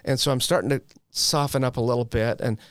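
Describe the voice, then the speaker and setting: A man's voice: mid-range voice, fairly even intonation, fast talker, smooth, no echo, studio quality. Frank middle-aged man telling his story. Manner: frank and self-deprecating, with wry humor and slangy asides. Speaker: guest sharing a recovery story. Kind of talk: candid personal storytelling.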